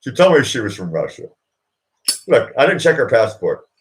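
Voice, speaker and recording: A man's voice: medium pitch, sing-song, moderate pace, slight background noise. A man hosting a casual live chat, telling rambling stories with frequent laughs and fillers. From Boston. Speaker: live stream host. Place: indoors at home.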